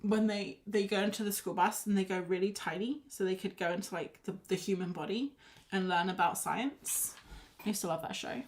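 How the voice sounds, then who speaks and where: A woman talks casually to viewers while she paints at her desk at home. She rambles, trails off and restarts her sentences, and her voice sits at an ordinary middle pitch. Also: a little fast. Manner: rambling, chatty, with many restarts and fillers. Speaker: art livestreamer.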